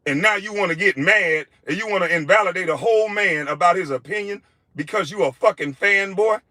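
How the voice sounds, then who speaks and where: A former athlete tears into a critic in a heated, profanity-filled rant. His voice sits high and cuts with a bright, sharp edge. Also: a little fast, no room sound, soft background music. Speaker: former pro basketball player. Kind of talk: angry video rant.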